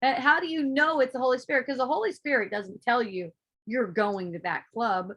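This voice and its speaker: Woman, high-pitched, spiritual teacher in casual talk, animated, playful, swears. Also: brisk. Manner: animated, swearing, acting out her own inner voices, laughing often.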